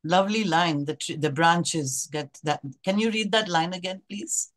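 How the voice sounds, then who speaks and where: A woman at an open mic reading her own poem in a measured, expressive way. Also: lowish voice.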